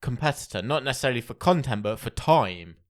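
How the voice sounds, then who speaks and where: A fast-talking man with an expressive, mid-range voice co-hosts a casual podcast. He chats and reads entertainment news aloud.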